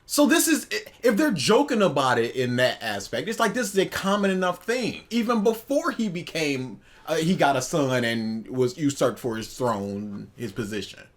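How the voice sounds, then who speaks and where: A man co-hosting a casual podcast, reacting in an animated, incredulous way. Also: fairly high pitch, normal speed, few pauses. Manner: animated, incredulous, rants with acted quotes. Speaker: podcast co-host.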